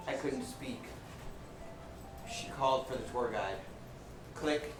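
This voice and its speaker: A man improvising a deadpan comic slideshow story on a comedy stage. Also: mid-range voice, takes it slowly, long pauses, recorded from a distance, background noise. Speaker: improv performer. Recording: echoey room miked from afar.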